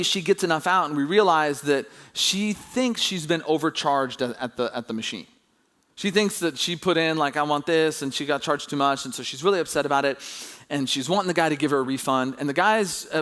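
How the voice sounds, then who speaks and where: A man preaching a sermon as pastor, telling a story with animated, rising emphasis when excited. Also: fairly high pitch, quick pace.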